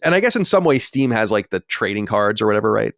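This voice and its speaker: A man hosting a podcast in casual chat, animated and swearing, with many restarts. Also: lowish voice, fast talker, gravelly, dry recording, clean studio sound. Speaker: podcast host.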